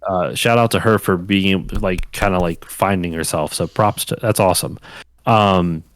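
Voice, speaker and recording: Here the podcast host has a low voice and talks at a normal speed over a dry recording. His casual chat drifts, packed with fillers and false starts.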